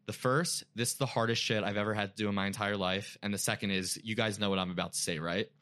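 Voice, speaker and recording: A young man with a low but bright, forward voice shares a heartfelt personal story in casual talk. He leans on "like" constantly and sounds openly emotional. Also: fairly even intonation, fast talker. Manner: emotional, frequent "like" fillers. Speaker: guest.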